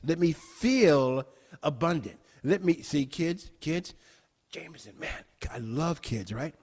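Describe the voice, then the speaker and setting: A man minister delivering a sermon, repeating phrases emphatically and building to excited exclamations. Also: fairly high pitch. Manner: repetitive, emphatic preaching with rising exclamations. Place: church sanctuary. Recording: long hall reverb.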